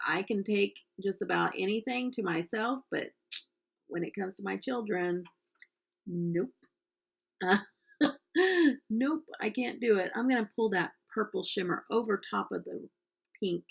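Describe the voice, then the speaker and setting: A woman's voice: medium pitch, vocal fry, husky. A middle-aged woman from the United States chatting casually while doing her makeup, telling a story with lots of ums. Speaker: makeup vlogger.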